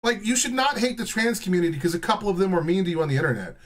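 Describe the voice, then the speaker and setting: Profane, lively young-sounding ranting man. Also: high-pitched, racing. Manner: heated, swearing, mocking impressions. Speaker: commentator reacting to clips. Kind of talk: casual profane rant.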